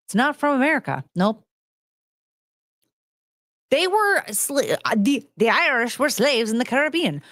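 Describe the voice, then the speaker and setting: A woman hosting a casual podcast, rambling and thinking out loud with lots of questions. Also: sits high, big pitch swings, unhurried, long pauses, dry recording, clean studio sound. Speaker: podcast host.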